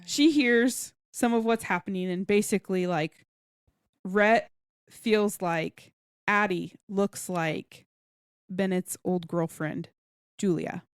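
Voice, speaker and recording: A woman co-hosting a book podcast, casually retelling a romance plot with lively acted-out quotes and some swearing. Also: mid-range voice, takes it slowly, clean tone, no room sound, clean studio sound. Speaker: podcast co-host. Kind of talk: casual book review chat.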